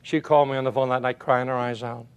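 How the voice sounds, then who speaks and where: An older man giving a motivational talk, telling folksy stories and asking rhetorical questions, swinging from loud to hushed. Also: mid-range voice, little pitch movement, fast, clean tone, highs cut off. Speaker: motivational speaker. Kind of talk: motivational speech.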